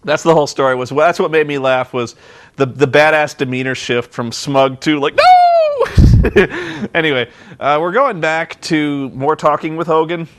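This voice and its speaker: A man's voice: on the high side, steady tone, moderate pace, fairly bright tone. A man casually recapping wrestling in a rambling, sarcastic, profane way with lots of ums and uhs. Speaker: vlogger reviewing wrestling.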